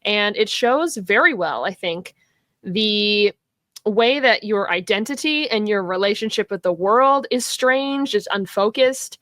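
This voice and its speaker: A woman's voice: medium pitch, animated, a little slow, fairly bright tone, no room sound. A woman co-hosting a casual film debate, teasing and laughing a lot as she passionately argues her side. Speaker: co-host.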